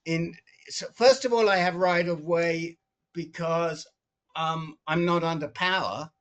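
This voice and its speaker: A man with a notably high voice tells a story on a group video call. He gets animated and often restarts and repeats his words as he talks. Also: unhurried, clear, resonant tone. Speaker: support group member.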